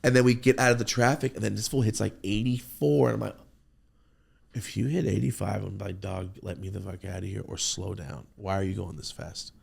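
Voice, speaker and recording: A man on a podcast telling a profane, excitable story and acting out his own reactions. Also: fairly low pitch, creaky, slightly rough. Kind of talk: animated storytelling.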